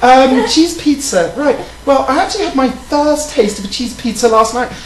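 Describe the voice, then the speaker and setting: A woman's voice: high voice, animated, reverberant, slight background noise, low-quality recording. A woman voicing a prim, proper European lady with a put-on British accent, genteel and easily offended. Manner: genteel and overly polite, drawn-out exclamations. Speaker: co-host. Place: hotel studio.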